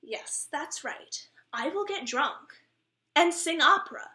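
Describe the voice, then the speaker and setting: Speaking slowly and expressively, a twenty-year-old actress improvises a blunt comic monologue that pokes fun at herself for an audition self-tape. The camera mic picks up her high, bright, forceful voice along with noticeable reverb.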